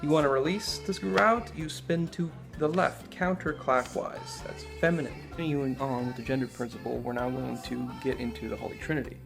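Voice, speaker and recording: A man's voice: mid-range voice, fairly even intonation, a little fast, creaky, few pauses, music in the background. A man giving a casual, rambling spoken lecture, talking loosely with lots of fillers. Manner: rambling, conversational, many fillers. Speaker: esoteric lecturer.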